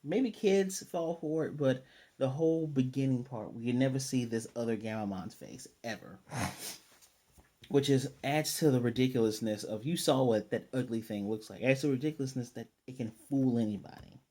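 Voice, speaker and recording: Mellow-voiced man ranting through a recap. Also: mid-range voice, moderate pace. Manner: rambling, exasperated commentary. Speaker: anime episode reviewer. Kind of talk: casual spoken episode recap and review.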